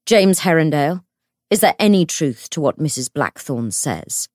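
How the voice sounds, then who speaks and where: A woman voicing a stern male official who shouts for order at a hearing. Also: sits low, animated, normal speed, no room sound, studio quality. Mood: commanding. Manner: commanding, shouting.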